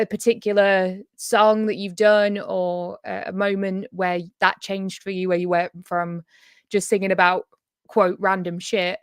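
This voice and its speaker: A woman's voice: medium pitch, clean tone, no room sound, clean studio sound. A woman hosting an interview, encouraging her guest and laughing often. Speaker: host. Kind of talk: casual interview chat.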